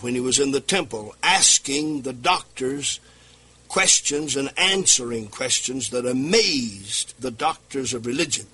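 A man preaching with fervor, his husky, bright voice climbing and falling in a lively, sing-song sweep. He drives his points home through repetition and bursts into near-shouts at the peaks. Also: mid-range voice. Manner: impassioned, rhythmic preaching with repeated phrases and shouted climaxes. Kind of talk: sermon.

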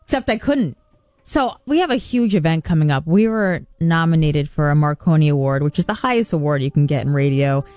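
A woman co-hosting a radio show, telling a story in an animated, self-mocking way. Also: sits low, fairly quick, no room sound. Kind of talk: casual radio banter.

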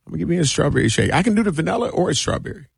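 Gravelly laid-back male radio host. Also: on the high side, big pitch swings, rapid-fire, no room sound, studio quality. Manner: laid-back, joking, drawling slang. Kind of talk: casual radio chat. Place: radio studio.

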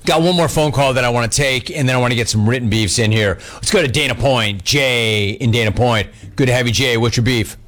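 A man's voice: medium pitch, fairly quick, hardly any pauses, a bit bright. A man hosting a talk radio show, taking callers with brash, teasing banter.

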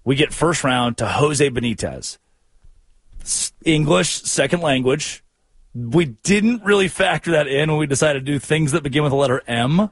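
A man hosting a sports talk show, telling stories in animated, jokey, rambling banter. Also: fairly high pitch, normal speed, husky, no echo. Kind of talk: casual comedic radio banter.

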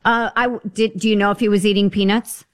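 A woman talks in a relaxed, chatty way on a talk show. She tells stories with emphasis and often puts in asides. Her pitch sits in the middle range. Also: quick pace. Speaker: guest health advisor. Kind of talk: casual radio talk.

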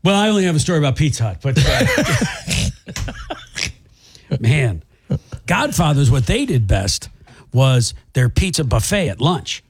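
A man's voice: on the high side, sing-song, unhurried, pauses often, slightly rough, dry recording. A man co-hosting a radio show, chatting casually and rambling with restarts and fillers.

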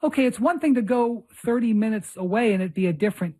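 A woman's voice: a little high, animated, quick pace, mellow. A woman hosting a basketball podcast, telling a story animatedly and repeating phrases for effect. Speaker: podcast host. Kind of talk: casual chat.

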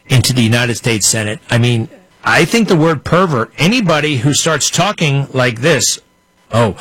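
Combative husky male show host. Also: mid-range voice, fairly bright tone, no room sound, poor audio. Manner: combative, ranting, mocking. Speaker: political commentary host. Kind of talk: talk show commentary.

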